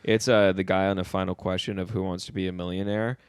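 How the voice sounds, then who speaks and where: A man's voice: sits low, little pitch movement, fast talker, clear, resonant tone. A young man in his twenties co-hosting a podcast, chatting casually in a crude, joking way and laughing often. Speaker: podcast co-host. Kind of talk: casual chat.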